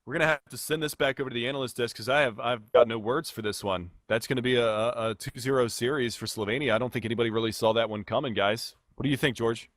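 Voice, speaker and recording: A man calling a live esports match play by play, fast and excitable as he follows the action. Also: mid-range voice, no echo, studio quality. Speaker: esports caster.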